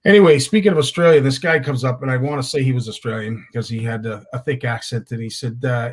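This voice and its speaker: A man's voice: mid-range voice, steady tone, fast talker, hardly any pauses. A middle-aged man, hosting a fishing talk show and telling rambling anecdotes with lots of restarts. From Canada. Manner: rambling storyteller with many restarts. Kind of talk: casual chat, telling anecdotes.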